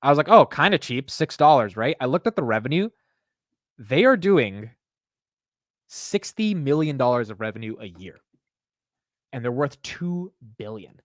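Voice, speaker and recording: A man's voice: mid-range voice, big pitch swings, unhurried, long pauses, no room sound, studio quality. A young man hosting a livestream, chatting casually in a loose, rambling way and saying "dude" a lot. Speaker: livestream host. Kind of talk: casual stream chat.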